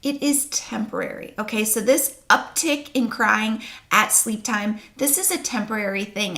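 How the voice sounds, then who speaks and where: A woman's voice: mid-range voice, gravelly, fairly bright tone. A young adult woman working as a sleep consultant, giving earnest, reassuring parenting advice to camera. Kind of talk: talking-head advice video.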